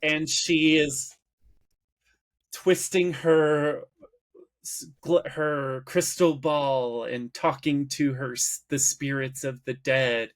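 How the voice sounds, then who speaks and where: Slow, explaining male podcast co-host. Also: a little high, steady tone. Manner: slow, explanatory, recaps plot at length. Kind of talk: casual podcast chat recapping an episode.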